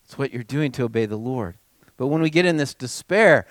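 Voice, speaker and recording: A man preaching a sermon as pastor, with dramatic swings between raised passages and hushed, almost whispered lines. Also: on the high side, sing-song, fairly quick, dry recording.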